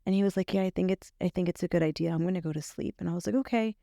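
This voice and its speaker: Young woman, podcast guest; low, gravelly voice; halting, filler-heavy personal storytelling. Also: fairly even intonation, dark tone, no echo, studio quality. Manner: halting, full of fillers and restarts. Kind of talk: personal testimony in conversation.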